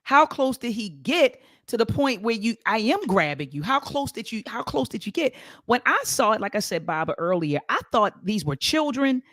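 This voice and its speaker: A middle-aged woman co-hosting a casual talk show, swinging between high and low as she acts out quoted dialogue. Her voice sounds dry and close to the mic, with little room sound. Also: moderate pace, no room sound. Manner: animated storytelling with quoted dialogue. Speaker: co-host.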